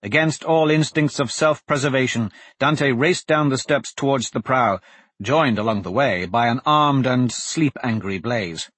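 A male audiobook narrator reads a fantasy novel in a measured, steady way. His voice is mid-pitched with a husky grain. The recording is dry and close. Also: dry recording.

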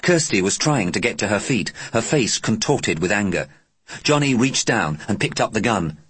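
A man narrating an audiobook with deliberate, expressive storytelling. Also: on the low side, slightly rough, no room sound.

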